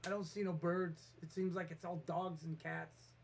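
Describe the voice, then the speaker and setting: A man with a fairly high voice talks off the cuff in a vlog. He rambles, trips over his starts and throws himself into acting out every back-and-forth. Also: normal speed, creaky. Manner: rambling, animated, restarts and acts out quotes. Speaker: vlogger. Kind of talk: casual storytelling monologue.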